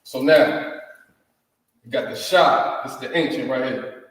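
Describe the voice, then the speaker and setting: A man's voice: medium pitch, a little slow. A man with a Southern US accent teaching a language class, drawling and repeating words with "you know what I mean?", recorded from far off in a large echoey room. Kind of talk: language lesson at a whiteboard.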